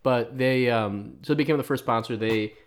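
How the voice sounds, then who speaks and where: A man's voice: mid-range voice, moderate pace. A young man co-hosting a casual podcast, telling history in a loose, goofy way, often laughing and stumbling over repeated words. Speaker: podcast co-host. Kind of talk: casual chat.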